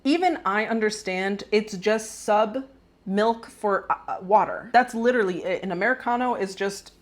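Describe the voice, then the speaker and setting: A woman's voice: medium pitch, moderate pace. A woman from the United States hosting a casual commentary video, chatty and opinionated, often tagging on "right?". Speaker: commentary channel host.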